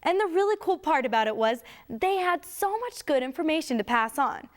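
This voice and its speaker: A woman's voice: sits high, animated, a little fast. A woman cheerleader hosting the program, who speaks to the audience with enthusiasm as she wraps up. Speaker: cheerleader host wrapping up the show.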